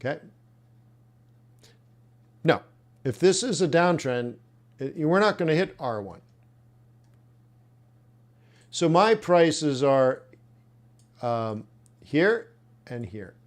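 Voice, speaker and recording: This man's voice is on the high side, with big pitch swings; he talks slowly and pauses often. He's coaching traders live in a webinar, musing aloud and giving blunt reactions to the trade plans he reviews.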